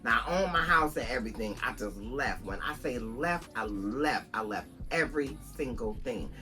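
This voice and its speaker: Animated woman telling a storytime. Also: rumbling low, normal speed. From Buffalo, New York. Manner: animated, conversational, asides to listeners as "girl". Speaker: vlogger. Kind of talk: casual storytime to viewers.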